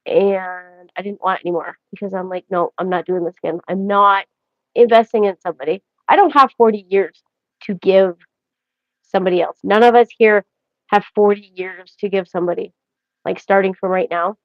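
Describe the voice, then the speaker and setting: A woman chats to her viewers in a loose, joking, rambling way. Her voice sits at a middle pitch. The audio is dry and slightly dull, like a lo-fi stream mic. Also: normal speed, no echo. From Canada. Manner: rambling, chatty and joking, talks straight to viewers. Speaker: livestream host. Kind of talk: casual livestream chat.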